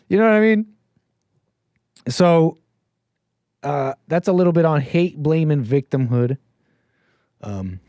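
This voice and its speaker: A man hosting a talk show, giving sarcastic, mocking commentary on a clip with animated asides. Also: a little high, dry recording. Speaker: show host.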